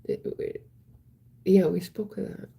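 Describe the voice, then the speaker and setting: Husky, low-voiced woman on a live stream. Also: huge pitch swings, unhurried. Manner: soft-spoken, often drops to a whisper. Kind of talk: casual live-stream chat reading viewer comments.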